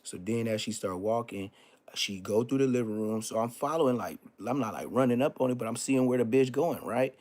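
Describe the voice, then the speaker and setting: A man's voice: medium pitch, fairly quick, a little mellow. Profane Los man telling a story. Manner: profane, emphatic, repeats street oaths. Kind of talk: casual live-stream storytelling.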